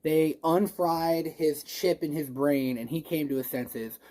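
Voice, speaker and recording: Rambling, excitable movie reviewer. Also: mid-range voice, unhurried. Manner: rambling, gushing, swears a lot; excitable, emotional, restarts often. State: a little stoned. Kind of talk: casual spoiler review vlog.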